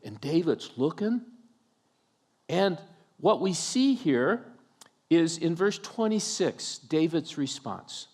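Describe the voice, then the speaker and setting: A man's voice: a little high, very animated, takes it slowly, long pauses, a little mellow. A male pastor preaching a sermon, telling a story with humorous asides and acting out the scenes.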